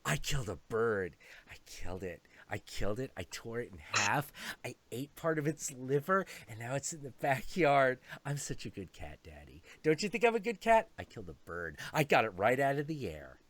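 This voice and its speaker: A man's voice: mid-range voice, sing-song, normal speed, a bit bright, no echo, pitched below the performer's own voice. A man voicing a needy, boastful young male house cat that whines and repeats itself. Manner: whiny, wheedling, repeats himself.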